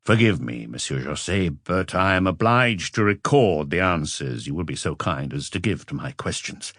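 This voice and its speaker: A courteous police inspector questions a suspect in a measured, polite way, voiced by a man reading a detective audiobook. The voice sits very deep. The sound is dry and close, with no room around it. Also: lively intonation, fairly bright tone, dry recording. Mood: calm. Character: calm, courteous middle-aged police inspector.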